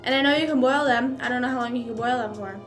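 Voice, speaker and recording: A young woman rambles through a casual mukbang chat, heavy on fillers and talking around bites of food. Her voice sits a little high for a woman. Soft music plays faintly underneath. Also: fast talker. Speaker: streamer.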